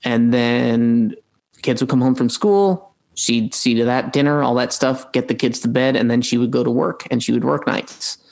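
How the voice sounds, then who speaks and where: A man, an actor, answering interview questions casually, halting with many fillers and restarts. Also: mid-range voice, creaky, darkish tone, low-quality recording.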